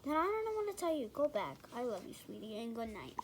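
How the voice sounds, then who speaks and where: A girl playing a soft-spoken tired mom. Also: fairly high pitch, very animated, fast, noisy background. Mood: soothing. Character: tired, soothing pregnant mother at night.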